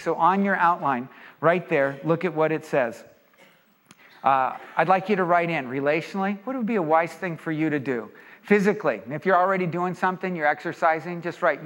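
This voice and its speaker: A man from California speaking to an audience, an animated and jokey storyteller, in an echoey hall. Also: on the high side, a little fast. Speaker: speaker leading a seminar or sermon. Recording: echoey hall with long reverb.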